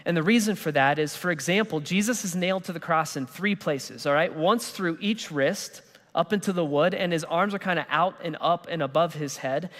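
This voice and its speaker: Guy pastor preaching, chatty and lively, big echoey church hall. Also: fairly high pitch. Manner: conversational, animated preaching with casual slang. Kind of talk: sermon. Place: church auditorium.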